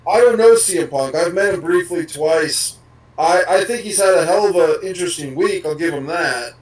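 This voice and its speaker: A man's voice: sits high, normal speed, recorded from a distance, low-quality recording. A man co-hosting a podcast, rambling casually and swearing now and then. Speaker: podcast co-host.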